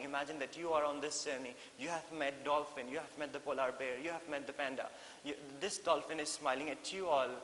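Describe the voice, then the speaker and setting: A male English teacher with an Indian English accent talks through a story in an animated, repetitive way, slipping into Hindi now and then. His slightly high voice sits in an echoey room with long reverb and a faint hiss. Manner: animated, mixes in Hindi, many fillers and repeats. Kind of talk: classroom lesson explaining a story.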